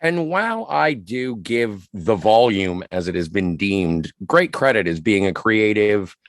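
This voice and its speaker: Male podcast guest, lower voice, measured explainer, dry mic. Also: lively intonation, dry recording. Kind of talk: casual podcast chat.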